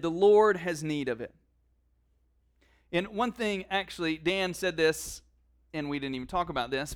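A man preaching a casual sermon, reading scripture aloud and slipping into quiet conversational asides. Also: sits high, clear, resonant tone. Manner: conversational, drops to quiet asides, many "like" fillers.

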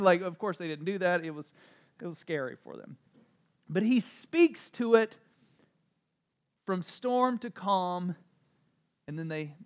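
A man preaching a sermon in a conversational style, with asides and humor, swinging between loud emphasis and soft, low delivery. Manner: conversational, animated, with asides and self-deprecating humor. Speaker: pastor.

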